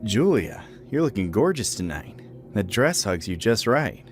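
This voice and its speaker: A man's voice: fairly low pitch, big pitch swings, measured pace, soft background music, voice pushed up. A man voicing a lonely, awkward man who is earnest and lovestruck and pleads desperately. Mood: flirty.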